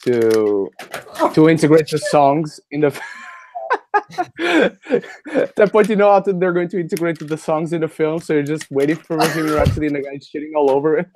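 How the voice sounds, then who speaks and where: A young man co-hosting a casual movie podcast, relaxed and swearing freely. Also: on the high side, fast talker, a little hiss or hum. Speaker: podcast co-host.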